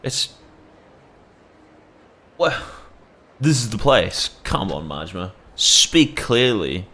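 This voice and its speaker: A man's voice: sits low, very animated, slow, fairly bright tone. Joking, foul-mouthed young male gamer. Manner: joking, profane, rambling. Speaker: gameplay commentator. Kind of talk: casual let's-play commentary.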